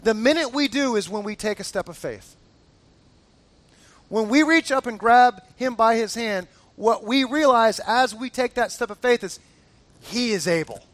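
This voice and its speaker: High-voiced animated male preacher. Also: no echo. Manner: animated, acts out quotes in the story. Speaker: pastor. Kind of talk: sermon storytelling.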